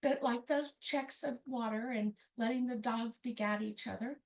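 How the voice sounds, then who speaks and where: High-pitched female storyteller, wry and chatty, telling family stories live. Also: steady tone, moderate pace, vocal fry. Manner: conversational, wry, acts out family members' quoted lines.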